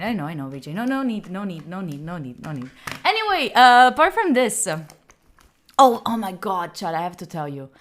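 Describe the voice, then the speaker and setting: A young Italian woman streams live, chatting casually with viewers in an Italian accent. She's animated, laughs a lot, and reads chat messages aloud, her voice sitting on the low side.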